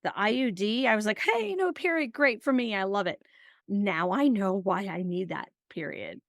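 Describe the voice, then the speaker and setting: Gravelly-voiced woman hosting a chat. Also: mid-range voice, moderate pace, no room sound, clean studio sound. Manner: chatty storyteller who acts out past conversations. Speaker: podcast host. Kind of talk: casual interview conversation.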